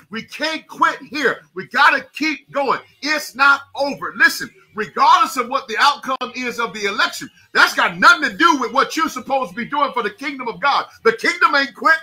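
A male pastor giving a fervent devotional sermon, calling out to listeners by name and now and then breaking into shouts. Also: very high voice.

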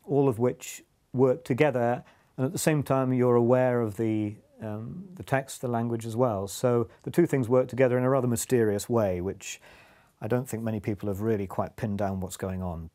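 A man speaking reflectively in a documentary interview, measured with some fillers. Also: mid-range voice, steady tone, mellow.

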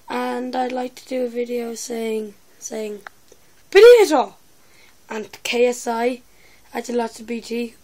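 A woman's voice: on the high side, darkish tone. A woman with a lisp chatting casually in a vlog, rambling with lots of fillers and poking fun at herself. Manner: rambling, filler-heavy, self-mocking. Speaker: YouTuber.

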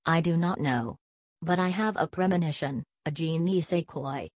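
A woman's voice: deep voice, moderate pace, a little mellow, no echo, studio quality. A woman reading the part of a fussy, self-assured middle-aged male detective in an audiobook, speaking in a precise, lecturing way. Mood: grave.

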